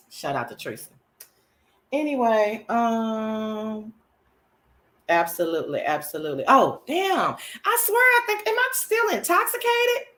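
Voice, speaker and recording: A woman hosts her own live chat show, talking casually in a sassy, slangy and excitable way, with bursts of shrieking laughter. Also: a little high, a little slow.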